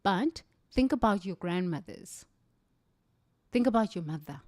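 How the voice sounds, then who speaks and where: A woman's voice: mid-range voice, lively intonation, measured pace, a little mellow, dry recording, studio quality. A middle-aged South African woman, a native Zulu speaker, giving an impassioned motivational talk with emphatic, repeated phrases. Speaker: livestream speaker.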